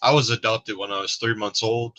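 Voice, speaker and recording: A man from Alabama, chatting in a relaxed, plain-spoken way as the interviewer. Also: fairly low pitch, a little fast, poor audio. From Birmingham, Alabama. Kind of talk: casual chat.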